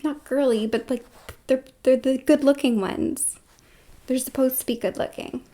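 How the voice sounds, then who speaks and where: A woman's voice: sits high, moderate pace, dark tone. A woman vlogging in a casual, rambling monologue, full of filler words and with dips into whispered asides.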